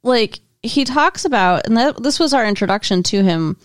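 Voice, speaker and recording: A woman co-hosting a casual movie discussion, blunt and quick to groan in disgust. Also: fairly high pitch, animated, no echo, studio quality. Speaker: podcast co-host.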